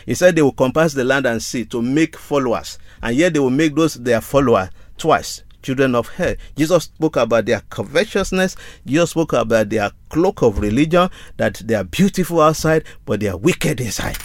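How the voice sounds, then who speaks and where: A man's voice: medium pitch, lively intonation, normal speed, few pauses, dry recording. A man preaching a sermon in an earnest tone, reading scripture aloud and repeating key phrases for emphasis.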